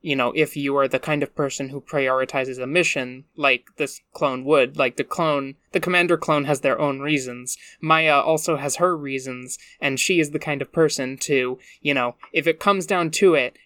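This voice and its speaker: Podcast co-host, mid pitch, blunt and relaxed, close dry mic. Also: normal speed, few pauses, no room sound. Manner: relaxed, blunt, casual swearing. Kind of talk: casual tabletop character-building chat.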